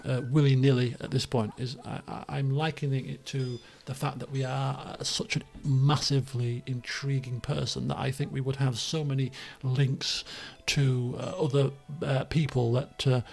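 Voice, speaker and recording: A man giving casual gameplay commentary, rambling with lots of fillers and the odd excited outburst. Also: mid-range voice, moderate pace, creaky, few pauses, soft background music. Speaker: let's play gamer.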